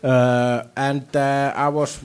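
Icelandic male co-host, slow and halting, fillers between words. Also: medium pitch, level tone, smooth. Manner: unhurried, hesitant with many uhs. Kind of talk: casual chat.

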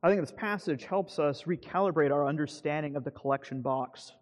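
A male pastor with a slightly raised voice delivers an earnest sermon, pushing up on key phrases and sinking low at the end of each point. The sound carries a long church-hall reverb. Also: fairly quick.

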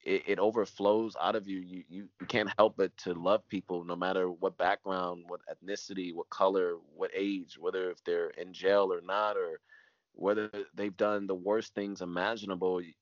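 A man's voice: low voice, level tone, normal speed, no echo, lo-fi sound. A man, a pastor, giving an emotional personal testimony in an earnest way, repeating phrases and sometimes dropping almost to a whisper.

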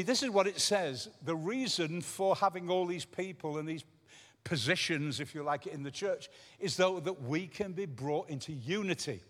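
An older man preaching a sermon as a guest speaker, emphatic and given to repeating key phrases. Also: a little high. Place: church auditorium. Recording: reverberant church hall.

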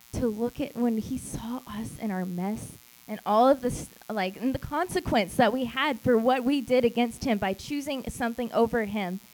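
Her voice is on the high side and a little mellow as this woman, a small-group leader, gives an emphatic church teaching talk. The recording quality is low, and she repeats key phrases and performs the lines she quotes.

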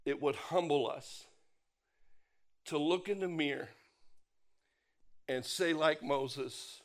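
A man preaching a sermon, emphatic, repeating key phrases and dropping his voice low on the punch lines. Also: slow, long pauses. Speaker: pastor.

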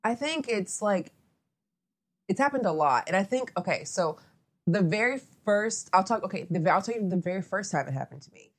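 A woman's voice: mid-range voice, expressive, moderate pace. A young adult woman, a photographer as interview guest, chatting casually and meandering with lots of asides.

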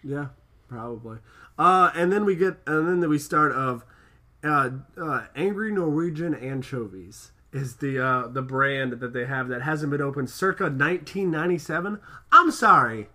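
A man's voice: on the high side, normal speed, sharp tone. A man chatting casually and enthusiastically, rambling with lots of filler words as he recaps a cartoon episode. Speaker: podcast co-host.

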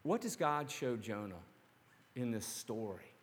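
A man's voice: mid-range voice, sing-song, measured pace. Preacher man in a reverberant hall. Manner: dramatic, swings from hushed to shouting. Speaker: pastor. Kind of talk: sermon.

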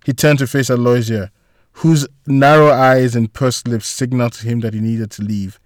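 A man's voice: medium pitch, steady tone, moderate pace, no room sound. Dry-voiced male story narrator. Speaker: audiobook narrator. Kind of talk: scripted narration.

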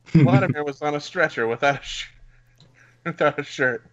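A man's voice: a little high, normal speed, fairly bright tone, highs cut off. A man co-hosting a comedy podcast, reading a story aloud and laughing often.

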